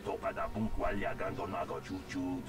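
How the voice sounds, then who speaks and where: An actor voicing an alien creature that chatters in a made-up alien language, in a rhythmic, burbling babble. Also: male voice, low-pitched, flat delivery, moderate pace, lightly acted. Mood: chattering. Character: alien creature speaking an alien tongue. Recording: distant voice under loud game music.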